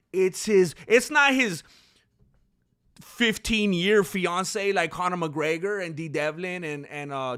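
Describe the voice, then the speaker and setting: A man with a high-pitched voice hosts a casual commentary show, telling stories with lots of energy. He acts out other people's lines in loud, lively voices and repeats words for emphasis. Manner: animated storytelling, acts out quotes in shouty voices; frequent restarts and laughter, emphatic repetition. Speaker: channel host.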